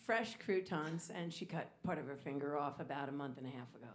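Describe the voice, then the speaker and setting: A woman's voice: deep voice, brisk. A woman musician playfully teasing her bandmate during a live show. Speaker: guest musician co-hosting the set. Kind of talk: casual live stage chat.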